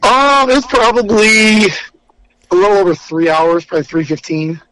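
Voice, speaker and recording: A man with a high voice calls into a podcast by phone. He gives brief, easygoing answers as a guest, with a little noise behind him. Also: steady tone, measured pace, a bit bright, poor audio. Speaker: guest lure maker. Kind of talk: casual interview chat. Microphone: phone call.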